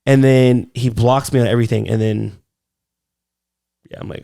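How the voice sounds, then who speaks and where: A man's voice: medium pitch, fairly even intonation, normal speed, creaky, mellow. A man co-hosting a comedy podcast, telling loose, profane stories in casual chat. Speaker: podcast co-host.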